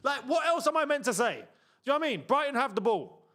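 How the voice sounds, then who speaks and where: A young man hosts a live football watchalong in a high, light voice. He talks casually in slang and reads out viewers' messages in between. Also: very animated, fast talker, sharp tone. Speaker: host.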